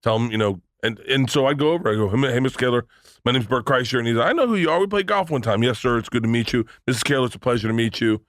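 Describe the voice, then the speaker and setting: A middle-aged man tells stories as a podcast guest, leaning into the voices of the people he quotes and cursing casually. His voice sits at an ordinary male pitch. The sound is dry and close on a studio mic. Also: rapid-fire, no room sound. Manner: animated storyteller who acts out quoted voices, swears freely. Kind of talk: casual storytelling chat.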